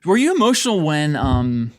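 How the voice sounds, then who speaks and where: A man's voice: fairly high pitch, moderate pace. A man co-hosting a podcast, talking casually about a film and acting out his own reactions. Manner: animated, acts out his own reactions in quotes. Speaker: podcast co-host. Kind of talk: casual film review chat.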